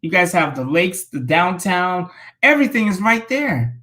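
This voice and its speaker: A man from California, a guest on a talk show, chatting casually and pitching his ideas with animated enthusiasm and laughter. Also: moderate pace. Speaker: guest financial commentator.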